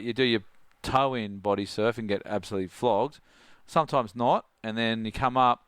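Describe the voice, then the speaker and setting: A middle-aged Australian man, a surf coach, telling a story in casual chat, animated and laughing, full of "like". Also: on the low side, clean tone, no room sound, studio quality. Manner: animated, laughing, heavy use of "like".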